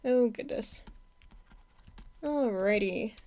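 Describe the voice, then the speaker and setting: A young woman from the United States chats casually while she works on an animation, her voice sitting a little high. She talks in a loose, rambling way, laughing often and restarting her sentences. Keyboard typing can be heard now and then behind her. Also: drawn-out words, warm tone. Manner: chatty and giggly, with frequent laughs and self-corrections. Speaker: animator streaming her work. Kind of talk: casual live-stream chat while drawing.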